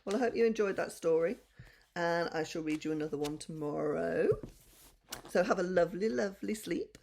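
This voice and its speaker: Older woman reading a bedtime story, gravelly. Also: fairly low pitch, moderate pace, a little hiss or hum. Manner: gentle, expressive, talks to children.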